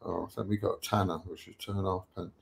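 A rather low-pitched man spins rambling stories. He slips into the voices of the people he quotes, casual and unhurried. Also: steady tone, creaky, breathy edge. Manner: rambling storyteller, acts out quoted lines. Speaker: guest musician. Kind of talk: casual anecdote-telling in an interview. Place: online live show.

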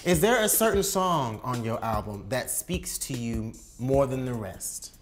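A woman interviewer with a low voice that swings widely in pitch. She talks playfully and cheers her guest on, with faint music behind. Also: lively intonation, a little slow. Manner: playful, hyping and teasing the guest. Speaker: interviewer host. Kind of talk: casual interview.

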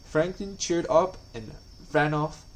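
Male storybook reader, calm and clear, slightly high voice, faint hiss. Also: takes it slowly, low-quality recording. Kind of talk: scripted narration.

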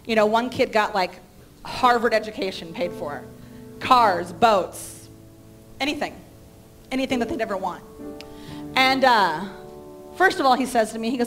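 A woman's voice: a little high, expressive, moderate pace, long pauses, a bit bright, soft background music. A middle-aged woman pastor telling a personal story in a sermon, acting out the dialogue of the people in it. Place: church sanctuary.

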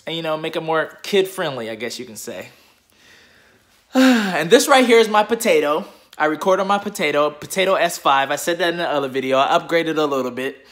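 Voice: medium pitch, expressive, a little fast, a bit bright. A YouTuber ranting casually to subscribers into a phone camera, slangy, joking and swearing a lot. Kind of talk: casual vlog rant.

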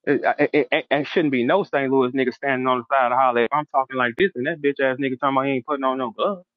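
A middle-aged man hosting a casual interview, loudly calling out a rival with brash, repetitive trash talk. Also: mid-range voice, fairly even intonation, racing, no echo. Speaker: host. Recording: dull, dry lo-fi sound.

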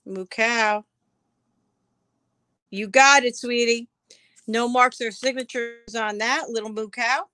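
Slow, chatty woman selling live. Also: a little high, fairly even intonation, bright, forceful tone, dry recording. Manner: chatty, answers viewer comments by name; describes items aloud as she handles them. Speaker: live auction seller. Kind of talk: casual live-stream selling.

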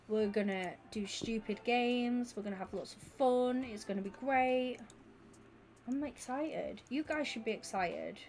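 Excitable woman streaming. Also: a little high. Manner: excitable and gushing, chatting with viewers while she plays. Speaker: gaming streamer. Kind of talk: casual live-stream chat.

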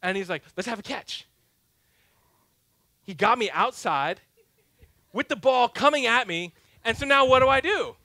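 A pastor in his thirties preaches with a high, bright voice, telling a self-mocking story. His delivery swings between loud, punchy lines and hushed, quiet asides. The sound is dry and close, with little room echo. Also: lively intonation, normal speed. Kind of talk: sermon. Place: church sanctuary.

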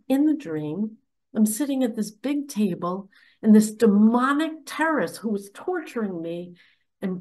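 A woman earnestly telling a personal story about a nightmare, speaking with emphasis. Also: mid-range voice. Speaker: religious speaker.

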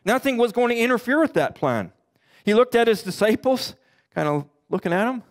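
A middle-aged pastor preaching a sermon earnestly, his voice climbing for emphasis and sinking low for the darker points. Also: lively intonation. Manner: earnest preaching, rising and dropping in pitch for emphasis; quotes scripture in slow deliberate voice.

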